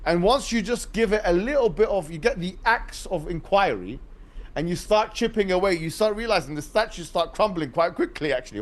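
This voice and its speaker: A man arguing in an animated podcast chat, mocking his opponents and laughing as he makes his points. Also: high-pitched, fairly quick. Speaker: debater guest.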